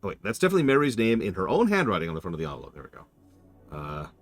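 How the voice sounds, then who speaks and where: A man's voice: on the low side, wildly swooping pitch, rapid-fire. A man casually commenting on a horror game during a live stream, rambling, interrupting himself and answering his chat.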